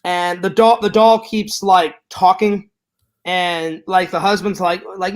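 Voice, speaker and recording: A man chatting casually on a podcast, telling stories in a rambling, halting way full of fillers. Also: sits high, fairly even intonation. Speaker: podcast co-host. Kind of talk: casual chat.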